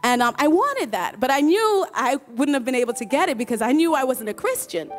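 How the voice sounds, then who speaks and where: High-voiced woman giving a church testimony. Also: sing-song, faint music behind. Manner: halting, repeats and restarts words, laughs often; earnest and emotional. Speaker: choir member giving a testimony. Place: church service.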